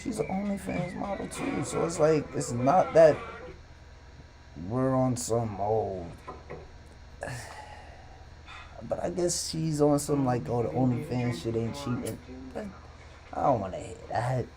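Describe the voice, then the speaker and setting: A man's voice: a little high, slow, creaky, long pauses, music in the background. A man hosting a live stream, ranting casually and profanely about relationships and social media. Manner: loose, profane, animated rants. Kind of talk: casual commentary monologue.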